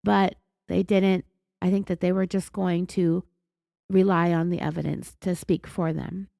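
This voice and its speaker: A woman with a California accent hosting a true crime podcast, raspy from being sick, telling the story in an indignant, sarcastic way. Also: on the low side, flat delivery, a little slow, warm tone, no room sound, studio quality. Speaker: podcast host.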